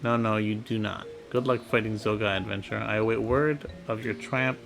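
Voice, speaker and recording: A man's voice: fairly low pitch, fairly even intonation, normal speed, vocal fry, music in the background. A man voicing a fretful male kobold who wails and lists words in threes, for a video game. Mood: pleading. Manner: wailing, lists synonyms in threes.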